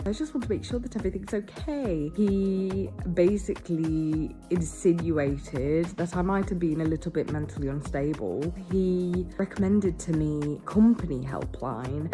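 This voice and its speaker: A woman in her twenties telling a frank, wry personal story, with swearing. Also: sits low. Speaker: vlogger. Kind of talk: confessional storytelling monologue.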